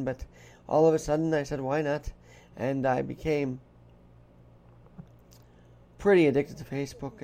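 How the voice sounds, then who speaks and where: A man's voice: on the high side, gravelly, mellow. A New York man in his twenties hosting a podcast, rambling casually and correcting himself as he tries out a put-on Irish brogue. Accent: put-on Irish brogue over a New York voice. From New York City. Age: 20s. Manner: rambling, chatty, corrects himself mid-sentence. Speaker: podcast host. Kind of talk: casual solo podcast chat.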